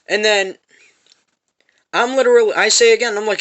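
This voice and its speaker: High-voiced man ranting a storytime. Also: moderate pace, a bit bright. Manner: profane, repetitive storytelling. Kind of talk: angry storytime rant. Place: parked van.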